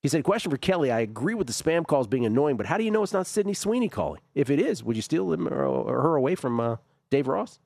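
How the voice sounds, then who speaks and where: A man hosting a sports radio talk show, reading listener messages aloud and adding quick remarks. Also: on the high side, very animated, creaky, darkish tone, breathy edge, dry recording, clean studio sound. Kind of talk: casual talk show banter.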